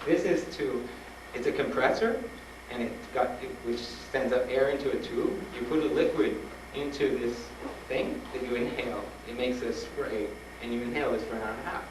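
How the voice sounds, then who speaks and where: A man speaking to students, telling a personal story with animated retellings and frank urging. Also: mid-range voice, moderate pace, hardly any pauses. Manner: animated, acts out dialogue, laughs often. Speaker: guest speaker at a school. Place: school hall with an audience. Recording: roomy old tape from a distant mic, noisy.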